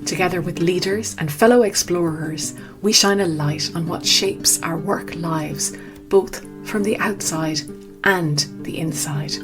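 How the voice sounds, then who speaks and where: A woman hosting a podcast, speaking in a reflective, conversational way. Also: on the low side. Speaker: podcast host. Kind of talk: podcast interview.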